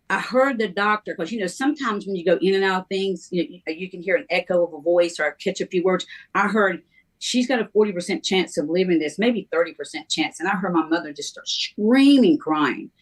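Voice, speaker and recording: A middle-aged woman, a minister, telling her life story in a halting, conversational way, with many ums and restarts. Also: on the low side, expressive. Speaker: guest minister sharing her testimony.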